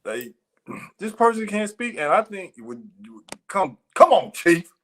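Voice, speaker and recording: A man's voice: sits high, big pitch swings, moderate pace, fairly bright tone. Emphatic man co-hosting a ministry podcast. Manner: preachy, rhetorical questions, emphatic. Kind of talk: casual chat.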